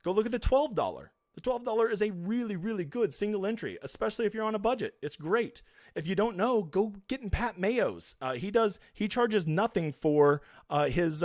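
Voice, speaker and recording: A man with a slightly high voice talks through his picks on a live stream. He rambles in a loose, casual way and jokes at his own expense. His level rises and drops as he mutters to himself and then comes back loud. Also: no room sound, clean studio sound. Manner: rambling, self-deprecating, swings loud and quiet. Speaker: fantasy golf streamer.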